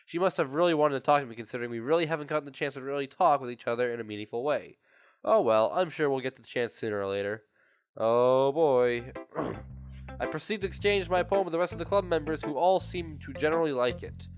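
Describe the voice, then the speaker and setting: A young gaming video creator with a slightly high voice reads a visual novel aloud at a quick pace, with faint music behind him. Between lines he chats in rambling asides, his throat sore and coughing.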